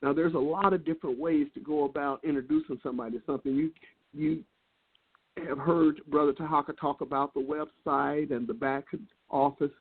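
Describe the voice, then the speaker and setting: A man's voice: fairly high pitch, steady tone, a little fast, husky. A man speaking as a guest on a business interview call, laid-back and earnest, often restarting his words. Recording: tinny phone line.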